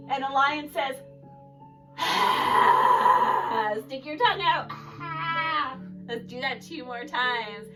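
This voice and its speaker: A woman leading a kids yoga class, playful and sing-song as she guides the poses. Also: high voice. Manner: playful, sing-song storytelling with animal sounds. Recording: distant mic with loud background music.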